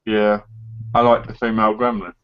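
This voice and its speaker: A man's voice: lowish voice, completely flat delivery, normal speed, muffled recording. An English man co-hosting a casual live chat, blunt, sweary and mock-boastful. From England. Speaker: co-host. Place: living in America.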